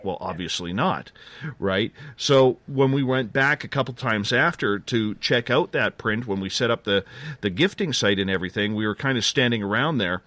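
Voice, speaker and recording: A middle-aged man, a guest on a radio interview, telling a field story excitedly, jumping ahead and restarting his sentences. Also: medium pitch, normal speed, no echo.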